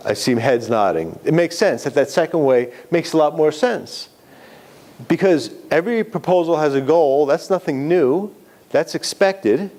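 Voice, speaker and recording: A man's voice: a little high, lively intonation, moderate pace, a little mellow. A man giving a live classroom lecture on writing, explaining step by step with examples.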